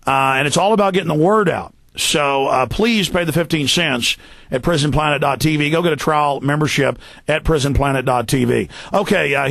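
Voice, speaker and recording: A male talk-show host with a gravelly, rough-edged voice that sits a bit higher than most men's. He speaks in a fast, emphatic rant, driving hard on each point with a bright, forceful tone. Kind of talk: ranting political commentary.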